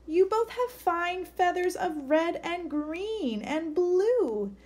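A woman voicing a gentle mother bird in a storybook reading, soothing and reassuring. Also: very high-pitched, animated, slow pace, voice pushed up, heavily acted.

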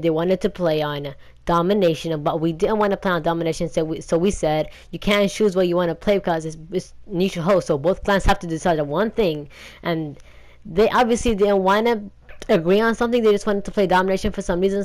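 A man's voice: high voice, a little mellow. A young man hosting a gaming channel, talking in a rambling, indignant and defensive rant.

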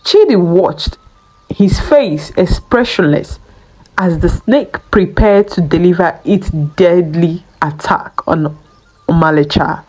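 A woman narrating a folktale in a slow, scripted storytelling delivery. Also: lowish voice, a little mellow, slightly rough, rough recording.

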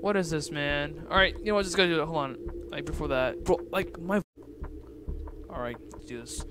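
Jittery young man, hushed then yelping. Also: on the high side, lively intonation, fairly quick. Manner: jittery, swings from hushed mutters to loud yelps. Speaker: gaming YouTuber. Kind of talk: let's-play commentary. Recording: loud noise behind voice.

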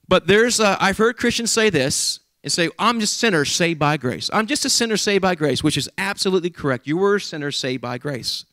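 A man's voice: a little high, a bit bright, no echo. A middle-aged man preaching a sermon as a pastor, emphatic and given to repeating key phrases.

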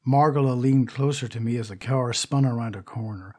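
A man reads an audiobook aloud, telling the story in a steady, measured way. His voice sits in the mid range and has a slight roughness.

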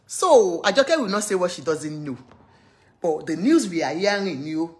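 A woman's voice: on the low side, moderate pace. A woman with a Nigerian accent chatting casually as a gossip vlogger, telling stories animatedly, acting out the people she quotes and slipping into pidgin and Yoruba phrases. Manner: animated storytelling, acts out quoted voices.

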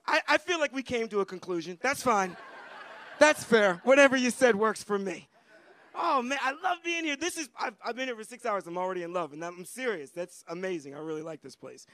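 A man's voice: high-pitched, a bit bright. An American man in young adulthood doing a stand-up comedy set in a club, with loose, chatty crowd work and profanity. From United States.

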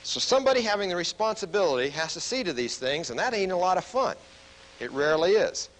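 A military officer giving a stress management lecture to a group, telling stories and asking the audience questions. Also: male voice, sits high, fast talker, a little hiss or hum, poor audio. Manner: animated storyteller who asks the audience questions.

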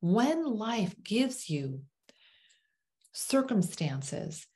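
A woman teaching as a spiritual teacher, telling a parable slowly with dramatic pauses and dropping into a whisper on key words. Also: mid-range voice, sing-song, darkish tone.

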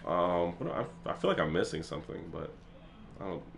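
A man giving excitable let's play commentary for his gaming channel, swearing freely as he plays. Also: deep voice, brisk, gravelly, slight background noise.

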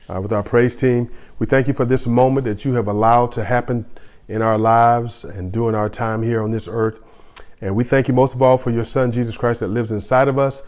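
A middle-aged man, a pastor, giving a sermon in a conversational way, often repeating phrases and restarting. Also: mid-range voice.

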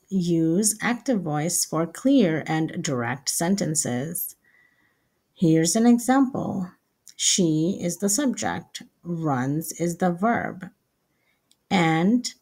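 Woman teaching english, low-ish voice, super slow and careful, repeats every example. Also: darkish tone, husky. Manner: slow, deliberate, repeats each example sentence. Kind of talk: slow step-by-step English lesson.

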